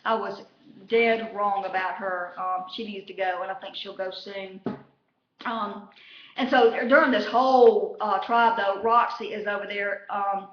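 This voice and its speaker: A woman's voice: medium pitch, fairly even intonation, measured pace. A woman chatting casually about a reality show, profane and rambling, full of fillers. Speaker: vlogger recapping a reality show. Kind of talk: casual chat. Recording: echoey room, dull lo-fi sound.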